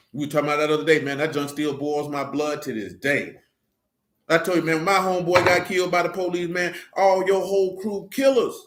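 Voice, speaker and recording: A man's voice: a little high, fairly bright tone. A man talking in a casual, preaching way, emphatic and fond of rhetorical questions. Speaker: religious discussion leader. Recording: echoey room.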